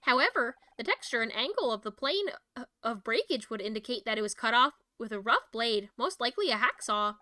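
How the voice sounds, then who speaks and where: A woman reading a crisp, confident detective. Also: fairly high pitch, very animated, brisk, bright, forceful tone, dry recording, clean studio sound. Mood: probing. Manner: crisp, matter-of-fact reasoning.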